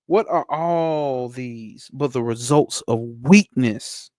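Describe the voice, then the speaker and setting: A man teaching spirituality. He reads a text aloud slowly and breaks off into blunt, slangy asides with profanity for a live chat. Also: medium pitch, a little mellow, no echo, clean studio sound. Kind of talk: reading a text aloud and commenting on it.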